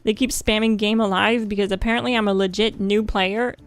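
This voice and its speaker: A woman's voice: mid-range voice, fairly even intonation, fairly quick, faint music behind. A woman with a French accent chatting casually on a game livestream, with lots of fillers and laughter. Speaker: streamer.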